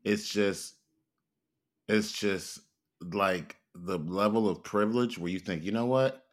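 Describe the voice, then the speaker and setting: A man's voice: low voice, fairly even intonation, takes it slowly. A man co-hosting a podcast, talking in a blunt, incredulous, profane way. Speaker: podcast co-host. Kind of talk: casual chat.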